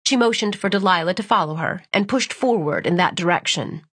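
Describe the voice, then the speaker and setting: A woman narrating a novel as an audiobook in a measured, even storytelling manner. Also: on the low side, husky, dry recording. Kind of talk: scripted narration.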